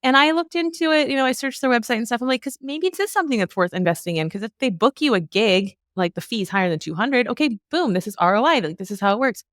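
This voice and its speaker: A woman's voice: fairly high pitch, lively intonation, fast talker, hardly any pauses, fairly bright tone, no echo, clean studio sound. A woman with a Canadian accent, hosting a podcast in a chatty, casual way. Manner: chatty, laughs often. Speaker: podcast host.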